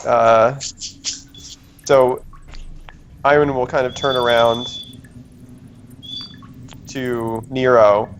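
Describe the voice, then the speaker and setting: A man's voice: medium pitch, flat delivery, extremely slow, pauses often, slight background noise, rough recording. A man playing a tabletop game, bargaining hesitantly with many fillers. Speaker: player.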